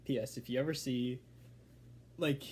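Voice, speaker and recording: A man at a middling pitch, reviewing a film in a relaxed, unscripted way. He rambles, restarts his sentences and fills the gaps with "like" and "um". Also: moderate pace, slightly rough. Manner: rambling, fillers and restarts, chuckling. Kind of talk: casual video review.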